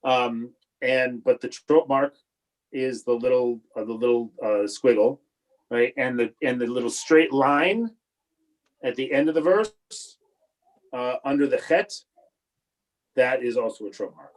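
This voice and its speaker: A man, a rabbi, teaching a Hebrew prayer class over a video call, talking in a halting way with many restarts and fillers, patient and encouraging. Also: mid-range voice, rough recording. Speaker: rabbi teaching a bar and bat mitzvah class.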